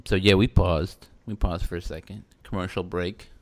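Deep, gravelly-voiced man chatting on a podcast. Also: steady tone, normal speed. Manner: rambling, loose and self-mocking, with playful put-on quotes. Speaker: podcast co-host. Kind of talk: casual chat.

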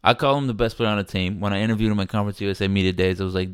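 Low-voiced man in casual sports talk. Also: rapid-fire, few pauses, smooth, no room sound, clean studio sound. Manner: rambling, animated, acts out quotes. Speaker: podcast host.

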